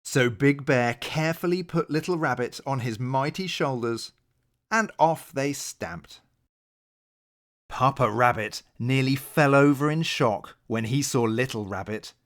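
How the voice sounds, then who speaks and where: Slow, gentle male bedtime storyteller. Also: medium pitch. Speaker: storybook narrator. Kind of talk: bedtime storybook read-aloud.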